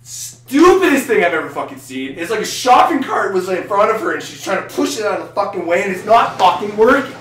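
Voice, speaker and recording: Podcast co-host, male, high and animated, profane ranter, recorded off-mic in a roomy space. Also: brisk, few pauses, recorded from a distance. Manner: loud, swearing, excitable rants. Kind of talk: casual profane ranting chat. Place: small echoey room. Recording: echoey room, off-mic, faint noise.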